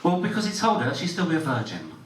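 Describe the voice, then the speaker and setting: A man's voice: a little high, wildly swooping pitch, quick pace, far from the mic. Crude stand-up comic, man. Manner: crude, storytelling, swears freely. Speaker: stand-up comedian. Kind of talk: stand-up set. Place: comedy club stage. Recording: roomy club audio, laughing crowd.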